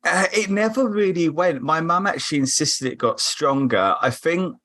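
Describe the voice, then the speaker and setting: A man's voice: fairly high pitch, expressive, normal speed, fairly bright tone. A young man from England with a South London Croydon accent, a podcast guest chatting casually and laughing easily. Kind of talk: casual chat over a remote call.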